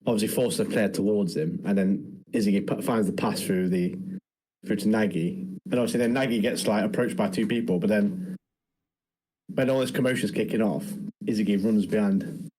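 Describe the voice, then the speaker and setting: Husky-voiced man chatting. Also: lowish voice, moderate pace, mellow, rough recording. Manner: chatty, strings thoughts together with many fillers. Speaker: podcast co-host. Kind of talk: casual chat.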